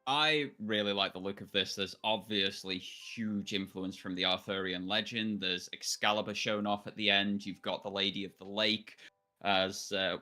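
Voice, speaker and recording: A man's voice: fairly low pitch, bright, forceful tone. A British man co-hosting a casual video game reaction chat, giving blunt, outspoken opinions. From United Kingdom. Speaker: co-host.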